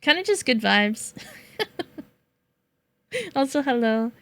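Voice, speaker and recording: A woman's voice: a little high, lively intonation, slow, a bit bright. A young woman streamer chatting casually to her viewers, venting with lots of swearing and laughter.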